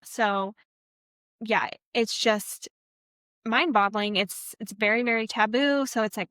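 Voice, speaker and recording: A woman's voice: fairly high pitch, slow pace, fairly bright tone, dry recording. Woman, vet tech podcast co-host, candid reflective chat, dry close sound. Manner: candid, earnest storytelling; reflective, encouraging. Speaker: veterinary technician.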